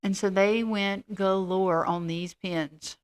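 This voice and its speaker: A woman's voice: medium pitch, fairly even intonation, slow. A middle-aged woman co-hosting a casual chat, telling rambling, self-deprecating stories. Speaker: co-host.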